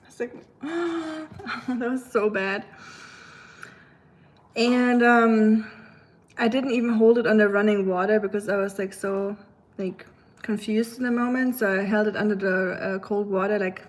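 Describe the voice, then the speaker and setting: A woman live streamer chatting casually with her viewers, rambling and using lots of filler words. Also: mid-range voice. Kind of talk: casual livestream chat.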